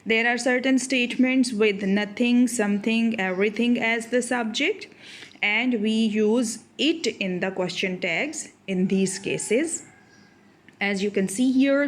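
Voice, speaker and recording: Slow, deliberate woman teaching grammar. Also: a little high. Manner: slow, deliberate explaining with examples. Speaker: English teacher. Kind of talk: grammar lesson over slides.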